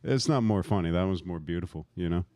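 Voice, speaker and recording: A man's voice: deep voice, lively intonation, quick pace, mellow, no room sound. A man in his thirties doing a profane, rambling stand-up set, laughing at his own jokes and working the crowd. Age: 30s. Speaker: stand-up comic.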